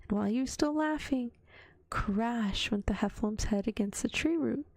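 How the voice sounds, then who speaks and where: A woman reading a children's storybook aloud in a gentle ASMR whisper. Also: fairly high pitch, normal speed, dry recording. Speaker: vtuber storyteller.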